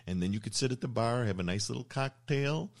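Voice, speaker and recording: This older show host, with an animated, medium-pitched voice and a fairly quick pace, runs a casual interview and wanders through anecdotes, using lots of fillers and restarts.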